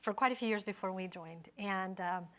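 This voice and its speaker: A woman guest on a talk show, a parent telling a personal story in a lively, anecdotal way. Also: medium pitch, moderate pace.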